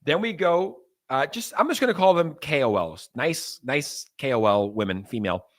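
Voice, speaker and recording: A young man hosting a crypto livestream, talking to viewers in a loose, animated, ranting way. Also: on the high side, normal speed. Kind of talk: casual livestream talk.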